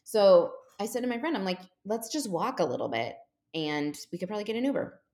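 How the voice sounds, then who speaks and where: A woman's voice: medium pitch, fairly quick. A woman in her forties, a podcast guest, telling a long funny story in casual chat and jumping into quoted voices. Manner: animated, jumps into quoted voices.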